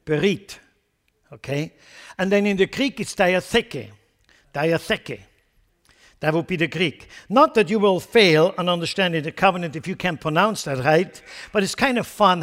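A male pastor preaching a sermon, animated and putting questions to his congregation. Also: high-pitched, big-room sound.

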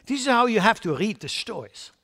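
A man whose voice sits high preaches in a very animated, fairly quick way. He moves between thundering statements and quiet asides, treating foolish ideas with blunt contempt.

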